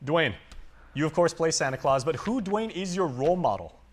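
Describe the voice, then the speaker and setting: A man hosting a live TV talk show in a studio, asking quick joking questions of his guests. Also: on the high side, expressive, slight background noise. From Guam. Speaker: host.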